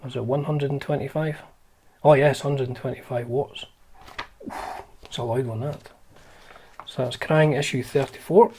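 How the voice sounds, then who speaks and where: A man's voice: mid-range voice, steady tone, moderate pace, long pauses, a little mellow, slight background noise. A man hosting a guitar channel, chatting casually and wryly through old magazines, with lots of fillers and restarts.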